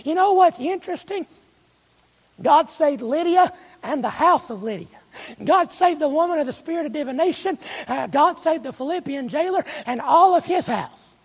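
High, gravelly-voiced male preacher. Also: lively intonation. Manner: emphatic preaching with rhetorical questions to the congregation; slows and stretches key phrases. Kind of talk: sermon. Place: church sanctuary. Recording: long reverb of a church hall.

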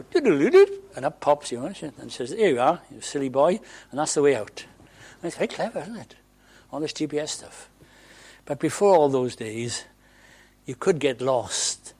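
A man from Wales preaching a sermon in a conversational way, moving between loud emphasis and quiet asides. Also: mid-range voice.

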